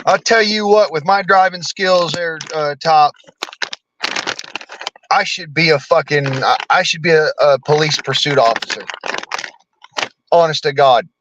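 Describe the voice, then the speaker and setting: A man's voice: fairly high pitch, a little slow, pauses often, highs cut off, noisy background. An American man delivering a profane, blunt political rant as a vlogger, cursing constantly and talking combatively.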